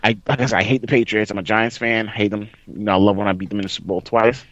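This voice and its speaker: A man hosting a casual gaming podcast, telling a story excitedly and bursting into loud reenactments. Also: fairly low pitch, racing, no echo. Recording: dry, slightly dull sound.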